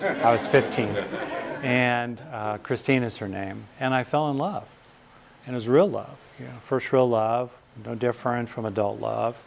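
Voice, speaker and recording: Gravelly older American man, reflective talk. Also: lowish voice, a little hiss or hum. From California. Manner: thoughtful, pausing often, rising emphasis on key points.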